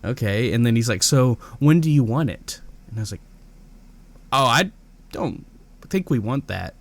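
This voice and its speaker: A man's voice: mid-range voice, normal speed. A young man co-hosting a casual podcast, telling stories with lots of laughs and acting out the people he quotes. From Indiana. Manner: animated storyteller, acts out quoted people, laughs often. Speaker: podcast co-host. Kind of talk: casual chat.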